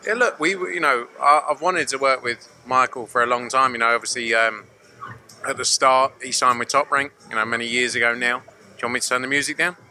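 A man from Romford, a boxing promoter telling rambling, animated stories in a casual interview. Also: medium pitch, a little fast. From Romford, England.

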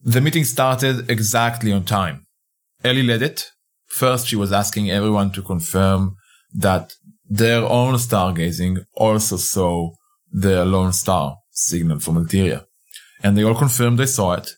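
A man's voice: fairly low pitch, a little slow. A man narrating a fiction podcast in the first person, speaking in a conversational, hesitant way with frequent restarts.

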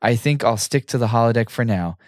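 A man's voice: mid-range voice, a little fast, dry recording, studio quality, close to an everyday voice. A man reading the lines of a nervous, cautious male alien officer from a script, plainly and half-laughing. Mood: wary.

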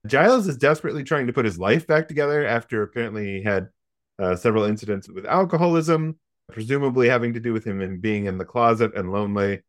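A man walks through a film's plot in a loose podcast recap, cursing freely and tossing in wry asides. His voice sits at an ordinary middle pitch. The recording is dry and close, with no room sound. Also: fast talker, no room sound. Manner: profane, wry storytelling with asides. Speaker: podcast host recapping a film. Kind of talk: casual comedic film recap.

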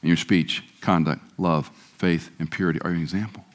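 Middle-aged guy preaching, lowish voice, jokey then leads everyone in reciting. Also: fairly even intonation, fairly quick. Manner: humorous, leads congregation in repeated recitation. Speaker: guest preacher. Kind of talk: sermon.

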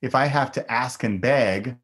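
A man's voice: medium pitch, unhurried, fairly bright tone. A middle-aged man talking as a guest on a podcast in a casual, enthusiastic way, laughing often. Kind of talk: casual conversation.

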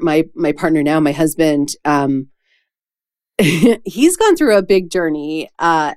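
A woman hosts a casual podcast chat with a fairly low voice. She reacts effusively and openly to her guest. The sound is dry, with no room echo. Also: clean tone. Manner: effusive, reactive, quick to laugh. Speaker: podcast host.

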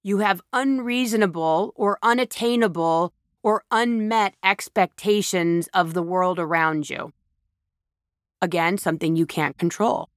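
Blunt, slow-talking woman, dry close sound. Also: lowish voice, no room sound. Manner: blunt, emphatic, repeats for emphasis, slangy. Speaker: speaker giving life advice. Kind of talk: candid monologue on emotions.

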